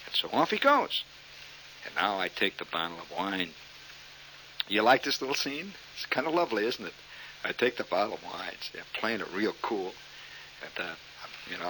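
A man's voice: low-pitched, pushed and bright, slight background noise, rough recording. A male comedian telling a rambling story full of fillers and restarts. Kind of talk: stand-up storytelling.

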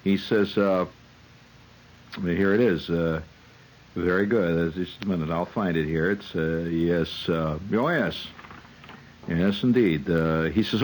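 A man's voice: low-pitched, slow pace, long pauses, rough recording. A man who hosts on the radio, telling a rambling, wry comic monologue full of digressions and hesitations. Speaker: radio host.

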